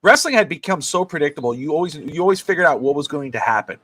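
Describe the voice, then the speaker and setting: A man co-hosting a casual sports talk stream, recounting events with excitement and plenty of fillers. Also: on the high side, fast. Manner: excited storyteller, many fillers. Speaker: sports talk show co-host.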